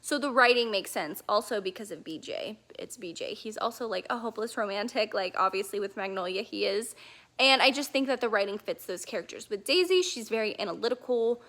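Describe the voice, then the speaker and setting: A woman's voice: mid-range voice, lively intonation, a little fast, fairly bright tone. A woman chatting casually in a reading vlog, rambling and gushing with lots of fillers and restarts, filmed on a handheld camera from her couch at home. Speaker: book vlogger. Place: living room couch at home.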